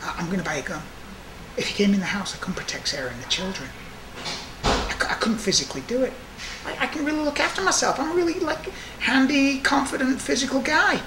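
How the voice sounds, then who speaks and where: A man working as a prison guard, telling stories from the job in a restless, animated way full of asides. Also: very high-pitched, quick pace, heavy background noise. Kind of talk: storytelling monologue.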